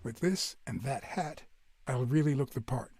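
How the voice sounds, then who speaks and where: An actor playing a world-weary male cat private detective in a video game, speaking dry and measured. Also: mid-range voice, darkish tone, husky, dry recording. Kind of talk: hard-boiled game dialogue and inner thoughts.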